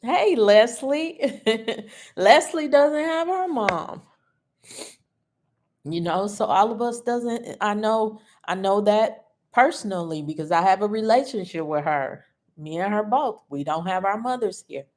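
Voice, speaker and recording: A woman host chatting casually on a livestream, emotional and tearful, often laughing softly. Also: mid-range voice, animated. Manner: slow, emotional and personal, with frequent laughs. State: tearful, grieving.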